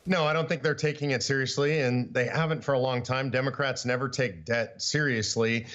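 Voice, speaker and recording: A man's voice: mid-range voice, fairly even intonation, a little fast, fairly bright tone. Opinionated male guest, dull remote audio. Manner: firm, opinionated explaining. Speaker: commentator guest. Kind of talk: remote interview answers.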